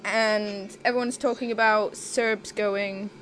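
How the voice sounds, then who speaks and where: A woman's voice: mid-range voice, fairly even intonation, fairly bright tone, a little hiss or hum. A woman co-hosting a casual podcast, recapping a TV episode with lots of laughs and swearing. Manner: giggly, sweary, slow deliberate recap. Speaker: podcast co-host. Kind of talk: casual chat recapping a reality show.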